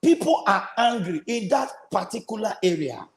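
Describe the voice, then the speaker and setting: A Nigerian man hosts a live political commentary show and speaks high in his range. He stresses his points by saying them again. The sound is roomy and echoey. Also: lively intonation, normal speed. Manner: emphatic, repeats phrases for stress. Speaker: host of a political livestream.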